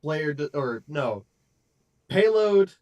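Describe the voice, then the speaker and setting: A man's voice sitting a little high in pitch, chatting easily and upbeat with fellow players. He records from a small blanket-lined booth at home, so the sound is close and dead. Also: sing-song, takes it slowly, darkish tone, dull audio. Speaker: freelance voice actor. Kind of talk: casual chat.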